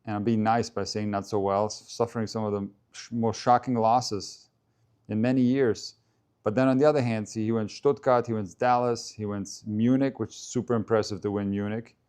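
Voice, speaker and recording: A man's voice: fairly low pitch, fairly even intonation, moderate pace, a little mellow, smooth. Man hosting a chatty live tennis stream. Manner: chatty, stops to answer viewer comments and try out name pronunciations. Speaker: live stream host reacting to a tennis match. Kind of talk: casual live-stream commentary and chat reading.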